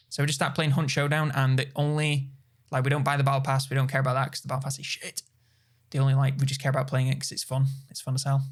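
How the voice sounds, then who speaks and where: A man's voice: fairly high pitch, little pitch movement, fast. A man co-hosting a gaming podcast in casual chat, joking, laughing and swearing freely. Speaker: podcast co-host.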